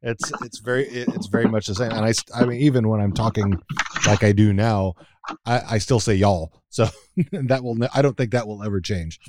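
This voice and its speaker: A man's voice: on the low side, a little fast, darkish tone. A man from Texas with a light Texan drawl, chatting casually on a podcast, hesitant with many restarts. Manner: hesitant, many restarts and fillers, laughs a lot.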